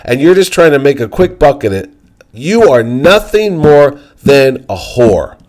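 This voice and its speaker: A man's voice: mid-range voice, very animated, a little slow, darkish tone. Man quoting a scornful artist, dismissive, lecturing, storytelling. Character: arrogant scornful male comic artist.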